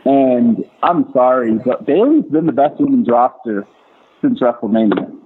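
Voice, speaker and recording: A man's voice: mid-range voice, animated, unhurried, breathy edge. A man hosting a casual wrestling podcast chat, giving emphatic, opinionated takes. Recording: tinny phone-like line with faint hiss.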